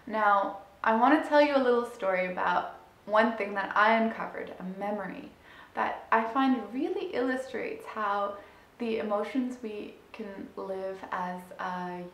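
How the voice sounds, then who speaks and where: A woman in her thirties telling a personal story as a money mindset coach, animated and laughing as she goes, climbing high and loud at the exciting moments. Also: unhurried. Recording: roomy echo.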